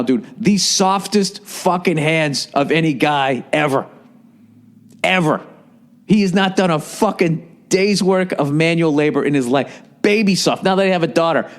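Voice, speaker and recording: Podcast host, male, slightly high voice, rambling profane storyteller. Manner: profane, animated anecdote with mimicked voices. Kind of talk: casual storytelling monologue.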